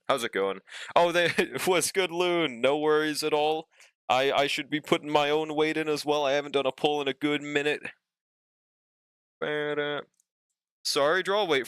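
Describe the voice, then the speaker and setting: A man's voice: mid-range voice, sharp tone, smooth, no room sound. A young man streaming live, chatting casually with his chat, joking and swearing in a laid-back way.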